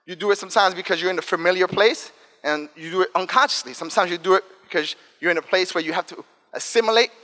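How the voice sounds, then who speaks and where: A man in his thirties from the South Bronx with an African American English accent, giving an energetic, talkative and joking casual talk to students. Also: high-pitched, fast. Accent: African American English, New York. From South Bronx, New York. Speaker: guest speaker. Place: school event room. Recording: long reverb hall.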